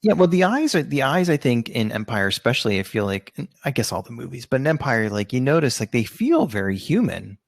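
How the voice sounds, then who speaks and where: A man's voice: medium pitch, very animated, a little fast, gravelly, few pauses, no room sound. A man co-hosting a podcast, chatting casually and explaining with hesitant fillers. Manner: hesitant, many fillers and restarts while explaining. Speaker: podcast co-host. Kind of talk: casual chat.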